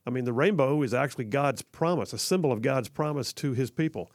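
A man's voice: mid-range voice, fairly quick, no room sound. A man hosting conservative talk radio from a studio, upbeat and jokey, rambling with fillers. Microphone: studio mic.

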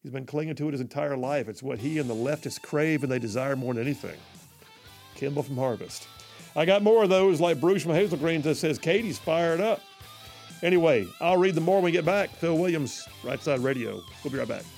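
A man's voice: a little high, animated, fairly quick, darkish tone, soft background music. A middle-aged man hosting live talk radio, rambling with many fillers and restarts.

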